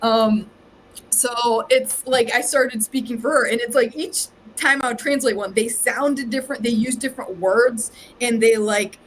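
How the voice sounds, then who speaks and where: Her pitch fairly high and her pace measured, a psychic medium from Ohio, USA, chats as a podcast guest. She tells her story in a rambling, conversational way full of "like," and the rough recording has a little hiss or hum.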